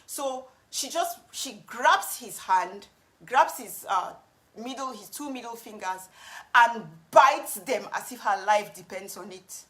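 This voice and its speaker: A woman's voice: a little high, lively intonation, slow, a bit bright. A woman telling a personal story to camera, earnest and frank. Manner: earnest, frank, with some restarts. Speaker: vlogger.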